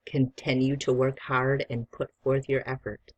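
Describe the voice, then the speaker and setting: A teacher leads a spelling dictation lesson, taking it slowly and deliberately and spelling each word out one letter at a time. The tone stays patient and encouraging toward a young student, with a mid-range voice. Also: medium pitch, little pitch movement, breathy edge.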